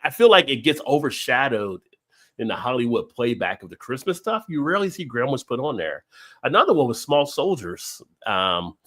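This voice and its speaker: A man's voice: medium pitch, moderate pace. A man hosting a live stream, chatting casually over drinks, rambling and laughing as he tells stories. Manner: rambling, laughs often, animated storytelling.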